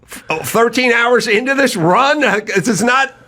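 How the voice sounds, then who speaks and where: Middle-aged male podcast host, bright forceful tone, very lively pitch, comic storyteller who swears. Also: normal speed. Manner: animated anecdote, swinging up for mimicked voices and down low and quiet; swears freely, exasperated.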